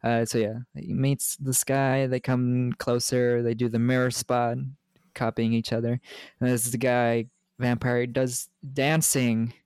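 With a smooth, darkish, medium-pitched voice, this American co-host keeps a level tone and measured pace. He rambles through the movie's plot on a casual podcast, joking and laughing often. The recording is dry.

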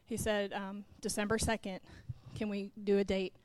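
Flat in delivery and moderate in pace, this mid-range voice belongs to a middle-aged pastor's wife preaching from the pulpit. The recording is dry. She relates her own story, acts out the lines, and speaks straight to the congregation.

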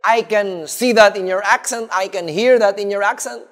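An accusing young servant girl, put on by a male preacher, her voice pushed high and sharp with insistence. She presses her questions, and the words hang in the long reverb of a big hall. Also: moderate pace. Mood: insistent. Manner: raised, pointed questioning.

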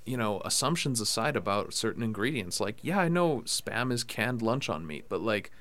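A man's voice: on the low side, big pitch swings, moderate pace, fairly bright tone. A man hosting a podcast in casual, joking chat, full of "like" and "you know". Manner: loose and jokey, heavy on fillers like "like". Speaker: podcast host.

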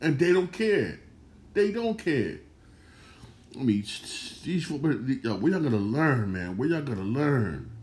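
A man's voice: medium pitch, very animated, a little slow, a little mellow. A man hosting a solo sports talk show, speaking casually with slang and repeating his points for emphasis. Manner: repetitive, emphatic, slangy, restarts phrases. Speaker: sports podcast host.

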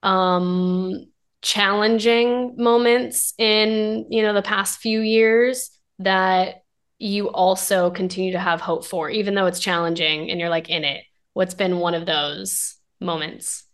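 A woman's voice: medium pitch, steady tone, takes it slowly, a bit bright, clean tone. A young adult woman hosting a podcast, upbeat and enthusiastic. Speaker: podcast host. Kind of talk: casual podcast conversation.

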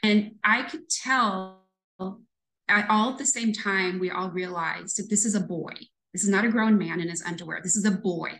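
A woman's voice: medium pitch, fairly bright tone, poor audio. A woman in her fifties, a retired police lieutenant, telling a story earnestly and reflectively in an interview.

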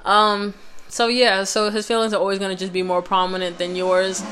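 A woman's voice: mid-range voice, level tone, moderate pace, background noise. A young woman vlogger telling a personal story in a casual, conversational way, with lots of fillers and restarts.

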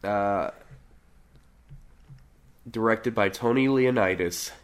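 A man's voice: lowish voice, slow, clear, resonant tone. A man talking as a podcast guest in casual chat, sardonic and swearing freely.

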